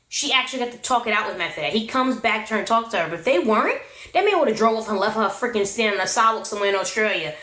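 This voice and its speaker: A woman's voice: fairly high pitch, fairly bright tone. A woman giving a casual, sassy recap of a reality show, laughing often. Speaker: recap vlogger. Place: her room. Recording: echoey room.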